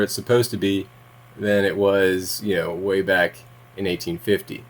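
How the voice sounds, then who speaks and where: Deep-voiced man rambling through a monologue. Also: normal speed. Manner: rambling, laughs mid-sentence, swears when annoyed. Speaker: vlogger.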